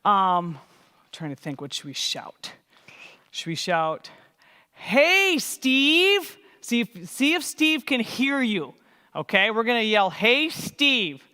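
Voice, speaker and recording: A man leading a church children's program through stretches and vocal warm-ups in an upbeat, encouraging way. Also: high-pitched, sing-song, slow pace, clean tone. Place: church hall. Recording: echoey hall.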